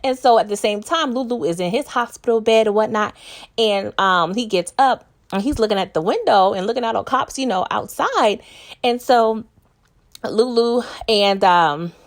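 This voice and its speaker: A woman's voice: on the high side, moderate pace. A young woman from New York giving a casual, chatty recap of a TV episode, laughing often and talking straight to her viewers. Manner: chatty, laughs often, addresses viewers as "y'all", acts out characters' lines.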